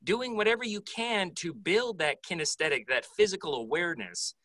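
A man's voice: high-pitched, expressive, normal speed, bright, forceful tone, dry recording, rough recording. A young man hosting a voice acting class session, responding with enthusiasm and promoting the upcoming course. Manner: enthusiastic, affirming. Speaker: host. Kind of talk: casual interview chat.

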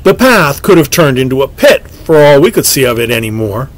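A man reading a story aloud with expressive, lively delivery as a scripted narration. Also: mid-range voice, brisk, poor audio. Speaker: audiobook narrator.

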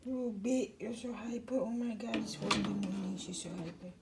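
A woman cooing baby talk to her pet hamsters in a high sing-song, dropping to low murmured asides. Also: steady tone, moderate pace, few pauses, warm tone, a little hiss or hum.

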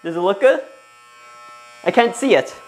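A young man vlogging casually to the camera in a bathroom. His nervous, excitable chatter breaks into squeals and laughter. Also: high-pitched, normal speed, soft background music. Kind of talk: casual vlog talking to camera. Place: parents' bathroom, indoors.

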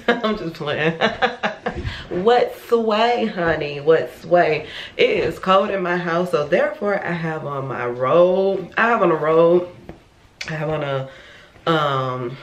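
A woman vlogger from Florida chatting casually at home, rambling and often correcting herself mid-sentence. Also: fairly low pitch. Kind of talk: casual vlog chat. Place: her home. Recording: echoey room with faint noise.

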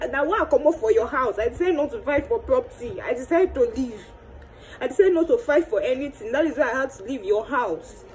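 A woman's voice: high voice, a little mellow, a little hiss or hum, poor audio. A young woman with a Nigerian accent, pouring out her hurt in a tearful monologue to camera, mixing Pidgin and Yoruba and repeating pleading questions. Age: young adult. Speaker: vlogger.

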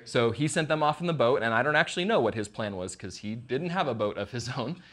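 A man's voice: mid-range voice, animated, fast, fairly bright tone. A man preaching a casual online sermon as pastor, conversational and jokey, acting out the lines he quotes.

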